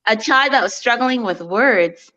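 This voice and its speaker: A woman guest in casual chat, talking warmly with many fillers and restarts and frequent laughs. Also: fairly high pitch, animated, unhurried, highs cut off.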